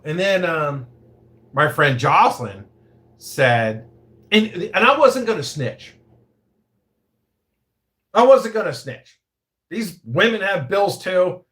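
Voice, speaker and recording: A man's voice: fairly high pitch, sharp tone. A man hosting his own show, telling a story in a profane, rambling, self-interrupting way. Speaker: podcast host. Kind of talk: casual storytelling.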